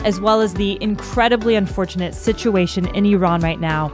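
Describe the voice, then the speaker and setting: A woman's voice: mid-range voice, fairly quick. Earnest woman podcast host over music. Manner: earnest, heartfelt. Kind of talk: podcast interview.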